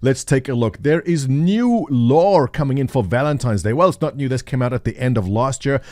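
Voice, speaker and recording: A man's voice: medium pitch, lively intonation, moderate pace, a little mellow, no room sound, clean studio sound. A man hosting a casual gaming video, chatting and joking through news and a promo clip with loose fillers. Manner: chatty, jokey, with frequent uh fillers. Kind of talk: casual gameplay commentary.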